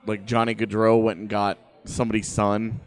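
Deadpan joking man on a sports podcast. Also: fairly low pitch, normal speed, soft background music. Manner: dry, joking, deadpan asides. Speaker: podcast co-host. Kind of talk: casual sports chat.

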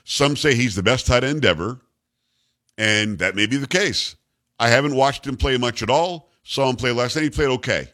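A middle-aged radio talk show host delivers a blunt, emphatic, repetitive opinion monologue about sports news. His mid-range voice is a bit bright and moves at a moderate pace.

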